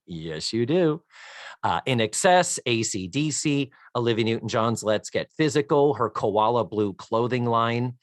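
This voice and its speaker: A man's voice: medium pitch, normal speed, few pauses, no echo. A wry, talkative man in middle age hosts a podcast, mixing loose chat with a read-out synopsis. His voice sits in an ordinary middle register, and it is recorded close and dry with no room sound. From United States. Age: middle-aged. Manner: wry, chatty, swears offhandedly. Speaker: podcast host. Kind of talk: casual chat and reading a synopsis.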